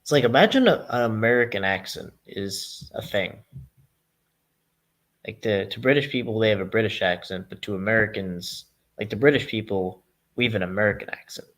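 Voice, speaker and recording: A man's voice: on the low side, normal speed, a bit bright. A young man from Massachusetts co-hosting a podcast in casual chat, rambling through tangents and laughing often.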